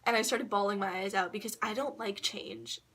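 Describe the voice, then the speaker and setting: A woman's voice: mid-range voice, steady tone, a little fast, fairly bright tone, slightly rough. A teenage girl telling a long personal story to camera, rambling and swearing, with frequent laughs and quoted voices. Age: teens. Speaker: vlogger. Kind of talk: casual storytelling vlog.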